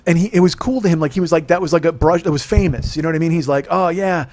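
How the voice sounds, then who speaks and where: Profane ranting man, loud and laughing. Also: fairly high pitch, fairly even intonation, quick pace, hardly any pauses, no room sound. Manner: loud, heavily profane, laughs through his own jokes. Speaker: podcast host. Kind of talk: profane comedic rant.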